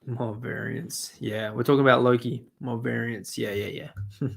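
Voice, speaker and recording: A man's voice: medium pitch, steady tone, moderate pace, vocal fry. A man with an Australian accent chatting and ranting casually on a stream, swearing often. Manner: ranting, swearing, mumbling asides. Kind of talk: casual profane stream chat.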